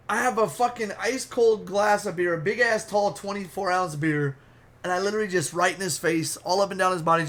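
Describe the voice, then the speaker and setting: A young man excitedly telling a wild story in a casual, profane, animated way. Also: high-pitched, moderate pace. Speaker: storytime vlogger.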